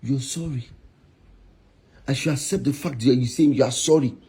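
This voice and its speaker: A young man with a Nigerian accent, angrily scolding and shouting in a Nollywood drama scene. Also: mid-range voice, normal speed, breathy edge. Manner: angry, scolding, repetitive. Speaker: actor.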